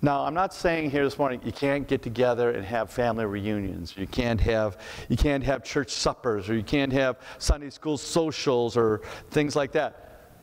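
Pastor preaching in a reverberant church. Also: male voice, mid-range voice, normal speed, darkish tone. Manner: conversational, asks rhetorical questions, repeats words. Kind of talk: sermon. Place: church sanctuary.

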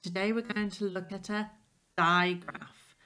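A woman teacher giving a phonics lesson to young children, sounding out letters slowly and clearly. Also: mid-range voice, fairly even intonation, sharp tone.

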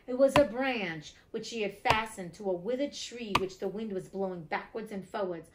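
Lady reading a fairy tale aloud, cuts in with sassy cussing asides, middle pitch that jumps way up when she gets worked up. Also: moderate pace, heavy background noise. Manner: blunt, profane, indignant asides. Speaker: audiobook reader and host.

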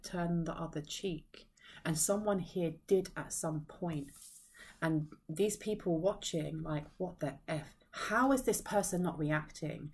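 A woman's voice: on the low side, darkish tone. A woman giving an intuitive tarot reading to her viewers, rambling and searching for words with frequent sighs. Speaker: tarot reader and medium.

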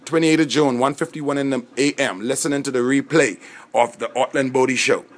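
A man's voice: medium pitch, fairly even intonation, a little fast. Bahamian guy venting, indignant and rambling, keeps restarting sentences. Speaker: self-recorded speaker. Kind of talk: impassioned monologue.

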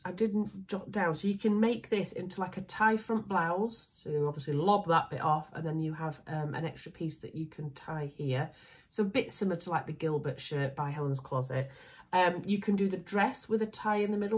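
A woman's voice: fairly low pitch, breathy edge. A woman with a Yorkshire accent chatting casually to camera as a sewing vlogger, self-mocking and often trailing off. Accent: Yorkshire English. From Yorkshire, England.

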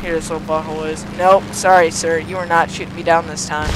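A man's voice: a little high, a little fast. A teenage boy giving let's play commentary on a flight combat game, yelping and pleading at the screen as he plays. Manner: excitable, yelps and pleads at the game. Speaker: gaming YouTuber. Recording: noisy game audio behind voice. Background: engine and gunfire game sounds.

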